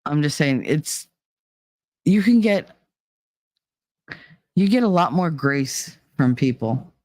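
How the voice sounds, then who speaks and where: A woman's voice: rumbling low, darkish tone, no echo. A woman in her thirties chatting casually on her channel at home, blunt and profane, laughing often. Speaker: channel host. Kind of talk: casual chat. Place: home room with heater.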